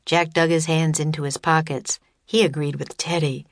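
A woman reading her own children's book as an audiobook, with measured storytelling on a close studio mic. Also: low-pitched, flat delivery, no echo. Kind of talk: scripted narration of a children's audiobook.

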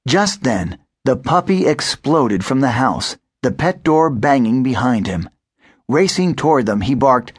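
A man narrating a children's storybook aloud. His voice is husky and his pace slow and deliberate. His pitch rises and falls in an animated, expressive way. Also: no room sound, clean studio sound. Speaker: audiobook narrator.

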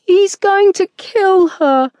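A woman voicing a frightened small boy in an audiobook, high and pleading, close to tears. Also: takes it slowly, darkish tone, no room sound, muffled recording. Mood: panicked. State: tearful.

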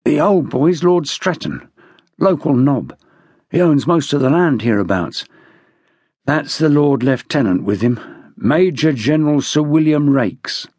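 A man's voice: a little high, animated, unhurried, darkish tone, husky, no room sound, clean studio sound, full character voice. A man voicing a weary, grumbling middle-aged local police officer in an audiobook.

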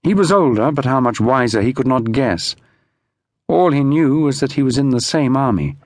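In a studio-quality, dry recording, a man reads an audiobook aloud. His mid-range delivery is measured and expressive, like a storyteller's.

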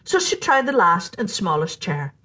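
A woman narrating a children's storybook in an animated, playful way, sometimes dropping to a whisper for suspense. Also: on the low side, moderate pace. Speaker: storyteller host.

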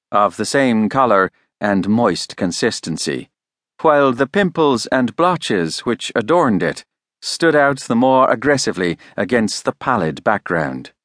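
A man narrating a classic audiobook in a measured, expressive reading. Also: medium pitch, no room sound, studio quality.

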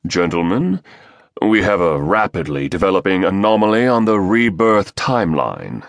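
A man voicing a smug, scheming male conspirator with a British accent and a baritone voice, measured and sneering. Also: sing-song, creaky, no echo, clean studio sound, full character voice.

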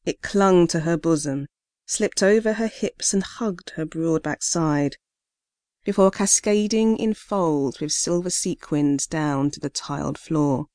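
A woman reading a short story aloud in a steady, measured way as an audiobook narrator. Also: deep voice, no room sound, studio quality.

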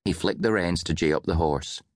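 A male audiobook narrator with a very deep, low voice, reading in a measured, even storytelling way. The sound is dry and close, with no room reverb. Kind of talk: scripted narration.

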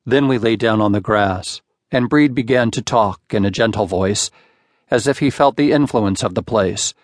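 A man narrating a classic short story in a measured, unhurried audiobook reading on a close studio mic. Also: fairly low pitch, no room sound.

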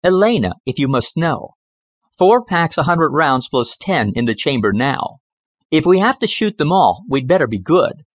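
A man voicing a cool, sharp-witted woman federal agent in an audiobook, speaking in a clipped, flat, businesslike way. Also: fairly high pitch, moderate pace, dry recording, studio quality. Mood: curt.

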